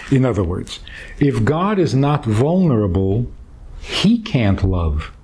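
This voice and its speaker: A man's voice: medium pitch, sing-song, slow, warm tone, slightly rough. A man speaking as a rabbi, giving a teaching talk in a conversational, wry way with stories woven in.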